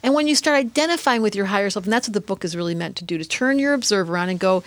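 A middle-aged woman speaking as an interview guest, lively and expressive, often acting out inner voices and laughing. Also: medium pitch, fast, few pauses, no room sound. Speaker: guest, astrologer and author. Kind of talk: animated interview talk.

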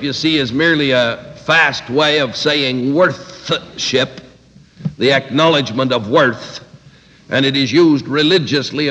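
A male Bible teacher delivering an expository sermon, moving between scripture read aloud and pointed everyday asides. His voice sits at a middling pitch, and a long hall reverb follows each phrase. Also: a bit bright. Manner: emphatic, paraphrasing scripture with plain-spoken asides.

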